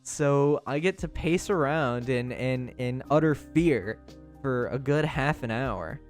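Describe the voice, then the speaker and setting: A man's voice: medium pitch, slow pace, soft background music. A young man livestreaming, telling a story in casual chat, rambling with lots of fillers and restarts.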